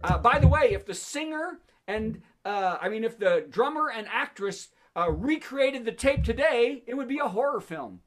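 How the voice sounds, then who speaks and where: Male comic host, video call, lively swinging delivery, self-amused. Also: extremely high pitch, moderate pace, hardly any pauses. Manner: jokey, laughs at his own jokes, chats with the audience. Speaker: comedy show host. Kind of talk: stand-up monologue on a video call.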